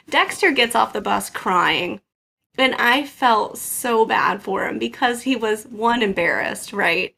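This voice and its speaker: Podcast co-host, woman, slightly high pitch with vocal fry, animated storyteller. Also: measured pace. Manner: animated, laughing anecdote-teller. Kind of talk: casual storytelling chat.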